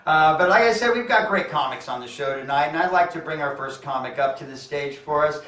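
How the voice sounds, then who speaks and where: Bright-voiced man telling a story. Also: a little high, fairly quick. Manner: animated storyteller, laughs often, shouts punchlines. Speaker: comedy show host. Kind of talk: stand-up storytelling. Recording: echoey room, distant mic, faint noise.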